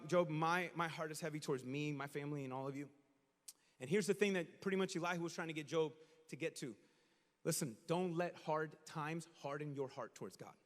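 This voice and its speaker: A man preaching a sermon as pastor, talking casually to the congregation and telling stories with lively acted-out moments. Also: sits high, long reverb tail. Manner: animated storytelling, acts out shouts and quotes.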